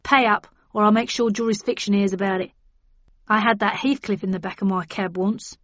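A woman's voice: medium pitch, steady tone, brisk, a bit bright, no room sound, close to an everyday voice. Casting: a woman doing a cheeky, pushy cab driver man, dry dull sound. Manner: pushy, bargaining.

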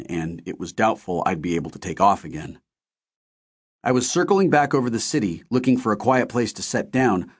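A man reading a first-person novel aloud in a steady, measured storytelling manner. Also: lowish voice. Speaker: audiobook narrator.

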